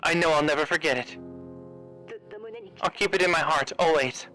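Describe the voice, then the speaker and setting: A man reading aloud the heartfelt farewell message of a young woman detective from a game, in a soft and sincere tone. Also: a little high, fairly even intonation, normal speed, faint music behind. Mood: tender.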